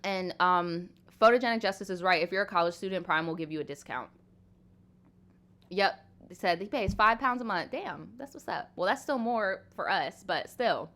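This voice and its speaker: Hosting a laid-back livestream Q&A, a woman in her twenties chats bluntly, cursing offhandedly and dropping lots of "like"s and laughter. Her voice sits on the low side, a bit bright and expressive, at a normal speed.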